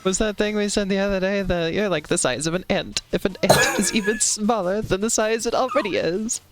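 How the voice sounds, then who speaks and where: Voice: medium pitch, fairly quick, faint music behind. A streamer chatting casually while playing a video game, rambling with lots of filler words and giggling often.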